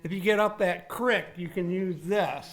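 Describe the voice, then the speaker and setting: A man at an open mic jam telling a halting, rambling tall tale between songs, repeating words as he goes. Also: sits high, fairly even intonation, a crowd in the background. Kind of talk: rambling stage banter.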